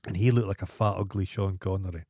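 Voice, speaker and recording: A man's voice: low voice, steady tone, fast talker, dark tone, no room sound, studio quality. Profane Scottish man spinning pub anecdotes. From Scotland. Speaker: podcast co-host. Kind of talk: casual chat.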